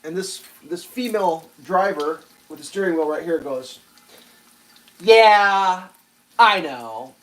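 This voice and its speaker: A man hosting a livestream, telling a rambling, profane story while he cooks and loudly acts out the quotes. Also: fairly high pitch, normal speed, hardly any pauses, low-quality recording. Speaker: livestream host. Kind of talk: casual storytelling while cooking.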